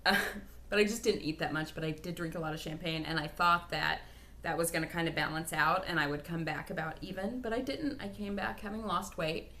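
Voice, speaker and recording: A woman giving a casual video update, chatty and excitable, laughing often as she talks. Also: low-pitched, a little fast. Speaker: vlogger.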